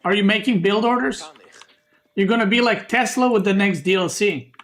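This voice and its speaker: Streamer, male, high voice, banter-heavy casting with keyboard clacks behind. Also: moderate pace, fairly bright tone. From Serbia. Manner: joking, bickering with chat, swears. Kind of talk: casual stream commentary.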